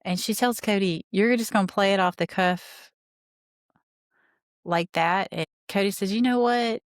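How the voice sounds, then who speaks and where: A woman's voice: medium pitch, steady tone, measured pace, no room sound, clean studio sound. A woman podcast host casually recapping a reality show, retelling scenes and quoting the people in them, with blunt, opinionated asides.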